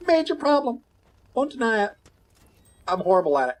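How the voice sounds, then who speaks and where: A man streaming, chatting with his viewers in a blunt, candid, rambling way that often drops suddenly to a quiet mumble. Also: very high voice, sing-song, a little fast. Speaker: gaming streamer. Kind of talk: casual chat to stream viewers.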